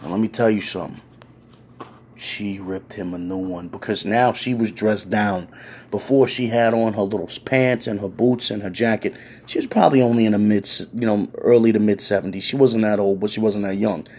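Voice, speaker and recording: A man's voice: on the low side, fairly even intonation, moderate pace, a little mellow, a little hiss or hum. A man telling a story from his own life in a casual, conversational way, wry and full of swearing.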